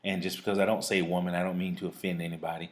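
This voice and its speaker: A man's voice: sits low, little pitch movement, racing. A man hosting a live talk show, reading out a reflective piece in an earnest, preachy way and chatting casually with a phone guest.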